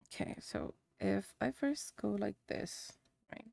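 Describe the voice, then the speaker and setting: A woman's voice: mid-range voice, slow, vocal fry, darkish tone, no echo, clean studio sound. A woman streamer chatting casually to herself as she works on a drawing. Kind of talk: casual chat while drawing.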